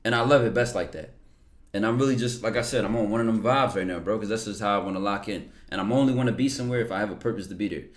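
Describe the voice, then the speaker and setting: A young man's voice, a bit low for a man, in casual stream talk. He answers viewers bluntly and swears freely. He often stumbles and repeats words mid-thought. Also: very fast.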